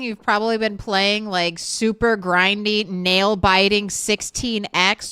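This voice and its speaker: Smooth-voiced woman streamer chatting. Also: mid-range voice, sharp tone, no room sound. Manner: chatty, talks straight to chat. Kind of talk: casual live-stream chat.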